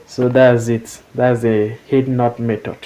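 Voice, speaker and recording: Male teacher, middle pitch, unhurried; leads a phonics class with careful repeat-after-me drills. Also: little pitch movement, dark tone. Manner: slow and deliberate, stretching words out syllable by syllable. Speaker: English teacher. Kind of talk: phonics lesson, reading words for students to repeat.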